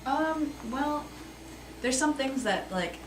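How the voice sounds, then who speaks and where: Soft-spoken woman guest, distant and echoey. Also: high-pitched, lively intonation, takes it slowly. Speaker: musician guest. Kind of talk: radio interview answers. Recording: roomy, distant, noisy live radio recording.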